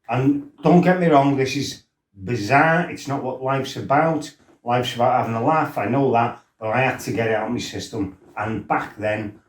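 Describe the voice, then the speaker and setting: A middle-aged man tells his story in a loose, chatty way. He laughs and swears as he goes and acts out the other people's lines. His voice sits at an ordinary pitch and echoes in the room. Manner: laughing, swearing, acting out quotes. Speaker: former fighter telling his life story. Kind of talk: casual storytelling.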